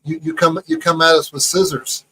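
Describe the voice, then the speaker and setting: A co-host in casual chat who mostly answers with quick agreement and sometimes stammers through restarts. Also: medium pitch, flat delivery, sharp tone, slightly rough, poor audio.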